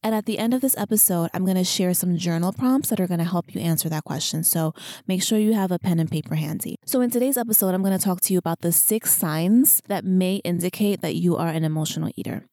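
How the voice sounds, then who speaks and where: A podcast host and fitness coach with a lowish, mellow voice talks quickly on her own show, recorded dry and clean through a studio podcast mic. Emotional and close to tears, she speaks earnestly from the heart in a casual solo chat full of asides and "you know."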